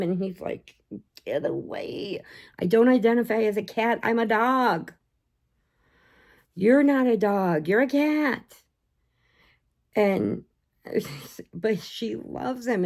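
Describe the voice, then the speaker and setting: Woman vlogger with a gravelly lower voice, animated, chatty rant. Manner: animated, acts out voices for pets. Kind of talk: casual ranting chat.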